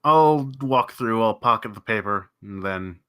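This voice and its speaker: A man playing in a tabletop role-playing game, stating his character's actions briskly and matter-of-factly. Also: lowish voice, lively intonation, fairly bright tone, clean tone. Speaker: player. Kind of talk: casual in-character game talk.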